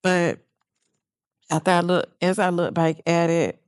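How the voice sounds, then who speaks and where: A woman's voice: lowish voice, level tone, measured pace, clean tone, no echo. A middle-aged woman, a mother telling of her family in an earnest, reflective, heartfelt way as an interview guest. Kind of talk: emotional personal interview.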